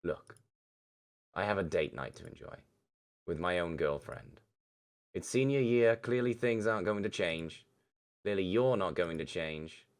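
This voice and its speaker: A man's voice: sits low, lively intonation, measured pace, pauses often. A man voicing a hot-tempered young lizard-like student in a story game, talking in raised, angry bursts. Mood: strained. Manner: raised, furious outburst.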